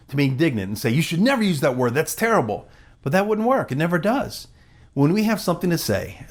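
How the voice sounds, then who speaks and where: Male gala speaker, earnest and heartfelt, moderate pitch, inspirational address with poem recital. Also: darkish tone.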